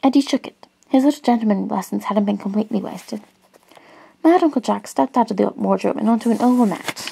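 A woman gently reading a storybook aloud in a soft-spoken ASMR style, dropping into whispers at times. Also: medium pitch, fairly quick, gravelly, husky, low-quality recording. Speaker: ASMR reader.

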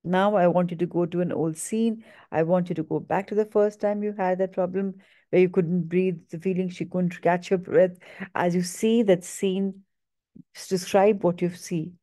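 Soothing male hypnotherapist voiced by a woman, slow guiding words, low warm tone. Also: steady tone, natural voice. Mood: calm. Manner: slow, gentle instructions.

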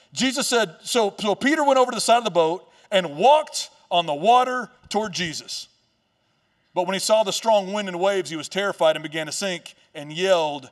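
A male pastor with a high voice preaching in a loose, joking storyteller manner. He turns the story over with quick asides and playful lines. His voice sounds a little away from the mic. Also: far from the mic. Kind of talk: sermon. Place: church stage.

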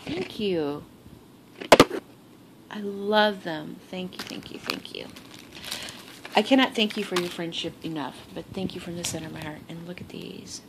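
Here a crafting vlogger opens gifts at home in her bedroom, chatting casually with lots of gasps, laughs, and gushing excitement. Her pitch sits on the low side, her speed is normal, and she leaves long pauses; the phone audio is noisy.

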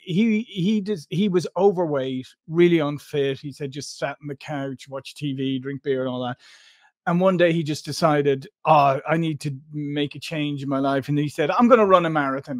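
A man's voice: on the high side, no room sound, studio quality. Rambling man hosting a podcast. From Ireland. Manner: rambling, with many fillers and restarts. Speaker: podcast host. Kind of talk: conversational interview.

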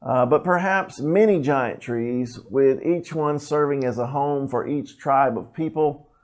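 Male preacher, mid-range voice, animated teaching sermon. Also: medium pitch, a little slow. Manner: animated, rising emphasis, explanatory asides. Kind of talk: sermon with scripture reading.

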